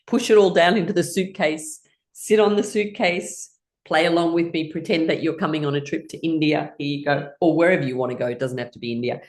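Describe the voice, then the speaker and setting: A middle-aged woman guides a laughter exercise class, chanting ha-ha rhythms and giggling between instructions. Her slightly low voice swoops up and down with lively expression. She sounds playful and encouraging throughout. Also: a little fast.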